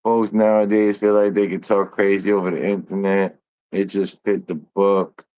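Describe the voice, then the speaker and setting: A man's voice: sits low, level tone, moderate pace, muffled recording. A young man hosting a casual live stream, talking in a laid-back, slangy way and swearing freely. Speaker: livestream host.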